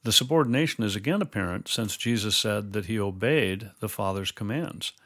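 A man teaching Bible doctrine in a measured, explanatory way, quoting scripture formally. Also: fairly low pitch, fairly bright tone, dry recording, studio quality. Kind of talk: scripted theological dialogue.

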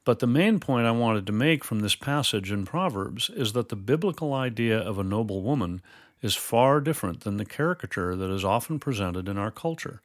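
A man teaching Bible doctrine in a measured, explanatory way, quoting scripture formally. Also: on the low side, lively intonation, dry recording, studio quality. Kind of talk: scripted theological dialogue.

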